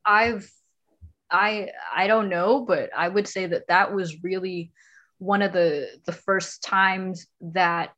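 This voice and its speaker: A woman reading her own poem aloud, then chatting about it in a halting, measured way. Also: on the low side, steady tone, fairly bright tone, dull audio. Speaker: poet and guest. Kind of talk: poetry reading and casual chat.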